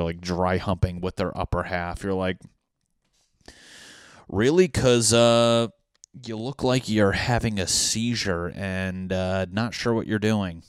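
A man's voice: low voice, smooth, no room sound, studio quality. A man in a casual comedic rant at home, crude and profane, rambling with lots of fillers. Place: home apartment.

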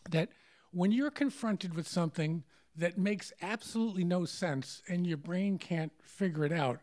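High-voiced man telling a wry story. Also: darkish tone. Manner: conversational, wry, self-amused. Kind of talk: live stage storytelling.

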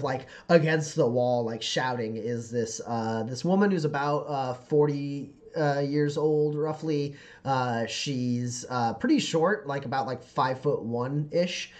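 A man narrating as game master in a tabletop game, talking in a halting way with lots of "like" and "uh". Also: mid-range voice. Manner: halting, full of fillers like "like" and "uh".

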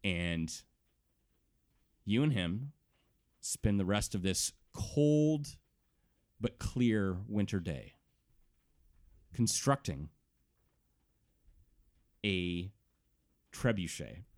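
A man narrating as game master of a tabletop game, telling the scene in an animated way and stretching out words. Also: fairly low pitch. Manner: animated storytelling, drawn-out words.

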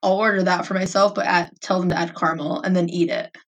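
A woman's voice: lowish voice, fairly even intonation, fast, a little hiss or hum. Woman co-host, casual and giggly, filler-heavy banter. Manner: chatty, laughs often, lots of fillers. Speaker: podcast co-host. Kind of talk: casual chat.

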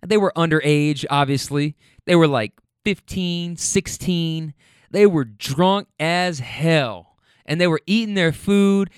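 A man's voice: on the high side, slow pace, clean tone, dry recording, studio quality. A man telling wild stories from his restaurant serving job in a blunt, profane, casual way, riding in a car. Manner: animated, blunt and profane, laughing at own stories. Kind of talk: casual storytelling. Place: inside a car on a ride home.

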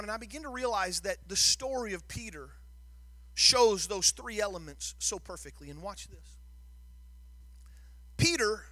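A pastor preaches a sermon in a high-pitched, pushed and bright voice, recorded with no room sound. He tells the story dramatically, building into a sing-song, emphatic delivery and often repeating words as he goes.

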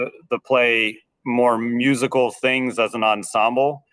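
A man's voice: mid-range voice, level tone, unhurried, fairly bright tone, no echo, rough recording. A band director talking earnestly in an interview, explaining his teaching methods with an occasional "um.". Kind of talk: conversational interview.

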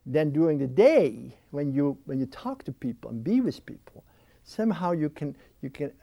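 Expressive male interview guest: slightly high, gravelly, mellow tone, reflective and animated. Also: moderate pace, dry recording. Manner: animated and expressive, with many restarts. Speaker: interview guest, spiritual writer. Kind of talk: reflective interview talk on prayer. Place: at his home. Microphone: filmed interview mic.

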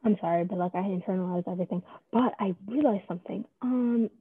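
A woman's voice: mid-range voice, quick pace, breathy edge, no echo. A young woman in her late teens, chatting casually as an interviewee, rambling with lots of fillers and joking at her own expense. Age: young adult. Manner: rambling, filler-heavy, self-deprecating. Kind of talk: casual chat. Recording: dry tinny phone-like line.

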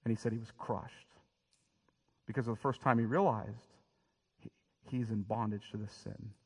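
A man's voice: on the low side, steady tone, normal speed, husky, in a large hall. A man preaching a sermon as pastor, talking in a direct, emphatic way and often restarting his words. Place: church sanctuary.

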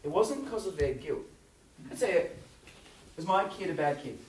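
A man preaching a youth sermon, telling stories with swings from loud to hushed. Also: sits high, sing-song, moderate pace, a little hiss or hum. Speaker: youth pastor. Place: youth hall. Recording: roomy hall, voice from far off.

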